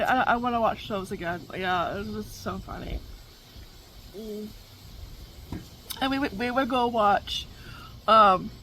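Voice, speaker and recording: A woman's voice: a little high, fairly bright tone, slight background noise, rough recording. Chatty middle-aged woman, laughing. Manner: rambling, laughs often, many fillers. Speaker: vlog host. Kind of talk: casual chat.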